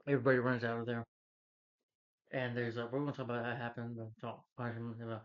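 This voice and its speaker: A man's voice: medium pitch, little pitch movement, fast. A man casually retelling a movie plot in a loose, rambling way, filling gaps with "you know" and "he's like". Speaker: film reviewer. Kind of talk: casual spoken movie recap. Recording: slightly dull lo-fi recording.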